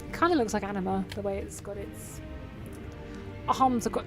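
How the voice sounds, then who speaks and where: A woman's voice: mid-range voice, normal speed, music in the background. A woman giving live commentary while playing a video game, chatty and self-mocking, swearing casually. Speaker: gaming video creator.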